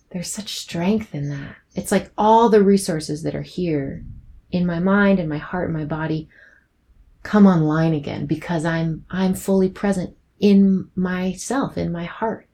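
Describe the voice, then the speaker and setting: A young woman hosts her own podcast, looking back on past episodes in a casual, rambling way, soft-spoken and prone to giggles. Her voice is fairly low and her pace unhurried.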